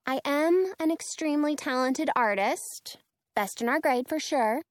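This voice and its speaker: A woman's voice: high-pitched, measured pace, dry recording, studio quality. A woman voicing a bossy schoolgirl who is vain about her art, speaking in a sassy, dismissive way.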